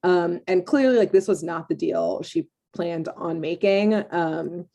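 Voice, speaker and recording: A woman's voice: on the low side, unhurried, vocal fry, mellow. A woman co-hosting a podcast, recapping a cartoon episode in a loose, rambling way, full of fillers and laughter. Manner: rambling, filler-heavy storytelling with frequent laughs. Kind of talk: casual chat.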